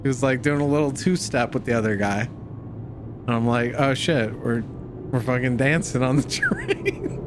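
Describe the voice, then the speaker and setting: A man's voice: mid-range voice, huge pitch swings, normal speed, background noise. A young man streaming a space game, giving casual commentary full of cursing, jokes and laughter. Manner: profane, joking, laughs often, calls everyone dude. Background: game music.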